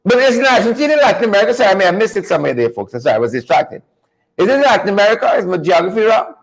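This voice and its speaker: A man with a high-pitched voice hosts a live news commentary show. He sounds folksy and a little preachy, repeating lines and calling out to his viewers as he goes. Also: animated, fast talker, rough recording. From Guyana. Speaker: show host.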